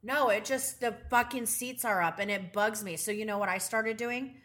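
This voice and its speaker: Blunt, foul-mouthed middle-aged female co-host, bright voice that acts out the people she quotes. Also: mid-range voice, moderate pace. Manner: blunt, profane storytelling. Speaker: podcast co-host. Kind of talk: casual chat.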